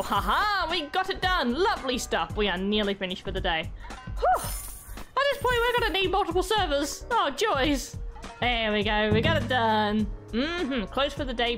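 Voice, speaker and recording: A woman's voice: on the high side, sing-song, normal speed, a bit bright, soft background music. A woman hosting a gaming channel, giving chatty let's-play commentary and talking to the game characters.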